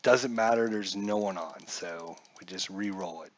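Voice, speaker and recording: Slow, jokey man narrating a dice game. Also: low-pitched, lo-fi sound, slight background noise. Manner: chatty, jokey, talks to himself while checking charts. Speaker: tabletop dice baseball player and narrator. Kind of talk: casual play-by-play of a solo dice game.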